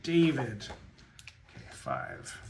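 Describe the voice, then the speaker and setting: A man's voice: medium pitch, huge pitch swings, slow pace, creaky, a little mellow, slight background noise. Jokey, rambling man on a live stream. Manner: rambling and jokey, self-deprecating. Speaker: guest voice actor at a fan autograph Q&A. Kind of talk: casual live-stream chat.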